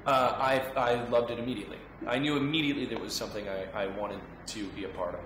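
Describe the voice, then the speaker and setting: A man in his thirties, an actor answering interview questions in a friendly, halting way with many fillers and restarts. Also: mid-range voice, fairly even intonation, a bit bright, a little hiss or hum. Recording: echoey room with background music.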